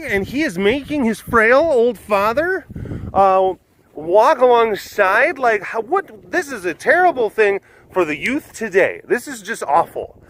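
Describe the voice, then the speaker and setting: A man putting on the voices of gossiping townspeople in a retold fable, shrill and indignant. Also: fairly bright tone, a little hiss or hum, full character voice. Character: judgmental gossiping townsfolk, scornful.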